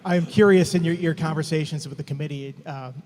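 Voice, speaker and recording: A man asking questions as a sports reporter at a press conference, casual and halting. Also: fairly high pitch, steady tone, in a large hall, crowd noise.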